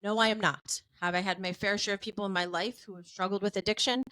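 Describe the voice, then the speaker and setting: A woman's voice: mid-range voice, steady tone, fast, bright, forceful tone, low-quality recording. A woman in her forties hosting a podcast, talking bluntly and animatedly and laughing often. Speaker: podcast host. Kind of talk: casual podcast chat.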